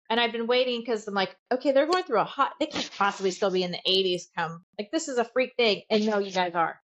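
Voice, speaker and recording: A woman co-hosting a podcast in casual chat, animated and swearing, acting out quotes. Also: medium pitch. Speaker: podcast co-host. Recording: dull lo-fi podcast audio.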